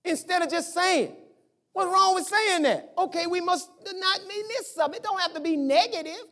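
A middle-aged pastor preaching a sermon in a conversational, animated way, firing off rhetorical questions at the congregation. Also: very high-pitched, normal speed.

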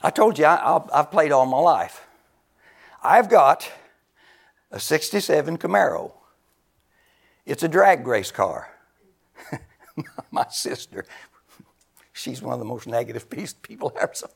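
Gravelly, high-pitched preacher in his seventies. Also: expressive, unhurried, long pauses. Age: 70s. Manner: exclaims loudly and laughs between phrases; drops to a near whisper for emphasis. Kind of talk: sermon.

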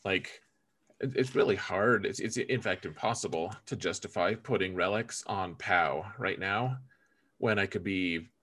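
A man co-hosting a gaming podcast, talking in an animated, joking way with frequent stammered restarts. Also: deep voice, measured pace, husky. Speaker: podcast co-host. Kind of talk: casual gaming podcast chat.

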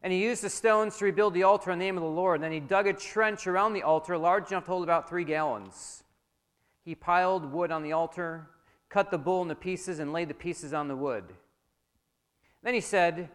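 This pastor's voice sits fairly high and stays steady and smooth, moving a little fast as he preaches. He reads scripture dramatically in a church hall, softening when he turns to prayer, and the room adds a long hall reverb.

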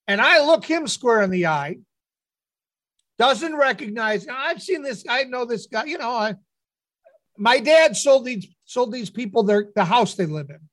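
A man hosting a radio talk show, telling a lively anecdote and acting out what people said. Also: extremely high pitch, a little slow. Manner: animated anecdote teller, acts out quotes. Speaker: radio host. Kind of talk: casual storytelling on air.

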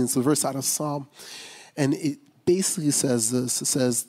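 A pastor with a mid-range, darkish voice shares his personal testimony from the pulpit, talking candidly and conversationally, full of fillers and restarts. He's in a church sanctuary, and the large hall leaves a long reverb on the recording.

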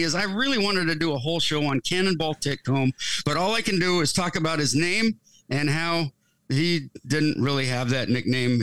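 A male podcast co-host telling a story in relaxed chat, wry and amused. His voice sits a bit high for a man. It sounds dry and close, with no room echo.

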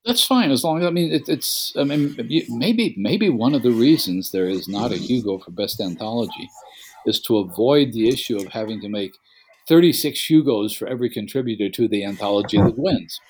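A man co-hosting a casual podcast from his apartment, rambling gently with restarts and joking asides. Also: mid-range voice, lively intonation, brisk, slightly rough. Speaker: podcast co-host. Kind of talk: casual chat. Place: apartment at home.

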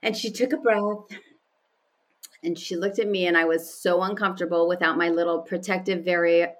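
Woman, guest, candid personal storytelling, animated, laughs often, lowish voice. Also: moderate pace. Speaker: podcast guest.

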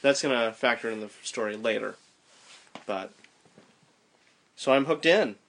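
Guy with a gravelly voice telling an adventure story, casual chat, lots of restarts. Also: mid-range voice, a little slow. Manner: animated storyteller, thinking aloud with restarts.

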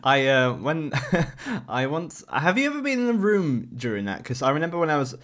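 A man's voice: fairly high pitch, big pitch swings, moderate pace, a bit bright. A man hosting a podcast, friendly and laughing often as he asks questions. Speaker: podcast host. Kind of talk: casual chat.

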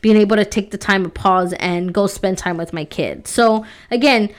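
A woman's voice: medium pitch, moderate pace. A woman in her thirties hosting a solo podcast, talking casually and encouragingly, often adding "like" and "right?". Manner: chatty, fills with "like" and "right?"; encouraging, faith-based. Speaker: podcast host.

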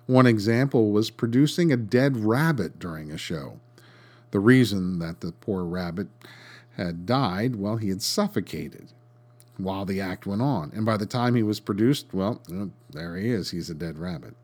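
Low-voiced man, dry scripted narration. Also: moderate pace, darkish tone. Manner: dry, wry, sarcastic asides. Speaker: podcast host.

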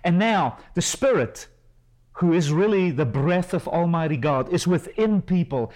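A man preaching a sermon as a pastor and Bible school teacher, impassioned, swinging between loud rises and hushed drops. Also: a little high, lively intonation, measured pace, low-quality recording.

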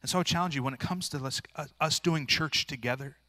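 Male pastor, informal earnest sermon delivery, tense bright tone. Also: on the high side, fast, no room sound. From rural area. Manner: earnest, plain-spoken, informal with frequent restarts.

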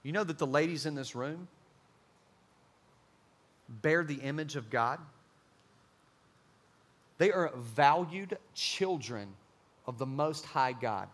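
A young man preaching a youth sermon, joking and acting out quick bits of dialogue. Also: fairly high pitch, lively intonation, a bit bright. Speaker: youth pastor.

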